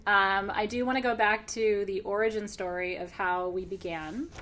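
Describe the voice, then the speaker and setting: Woman, mid-pitched, hosting a live spiritual class: excited and emotional, laughing, with slow reflective pauses and faint background hiss. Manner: emotional and excited, laughs often, clears her throat. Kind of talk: live-streamed class, warm conversational teaching.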